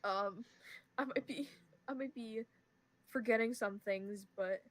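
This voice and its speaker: A woman's voice: a little high, slow. A teenage girl chatting casually on a podcast, telling rambling stories with frequent giggles. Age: teens. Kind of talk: casual chat.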